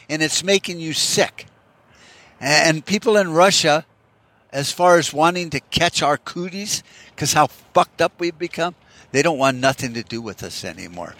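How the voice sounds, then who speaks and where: A man's voice: a little high, a bit bright, dry recording. A man delivering a heated, profane, rambling monologue as a podcast host. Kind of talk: casual rant monologue.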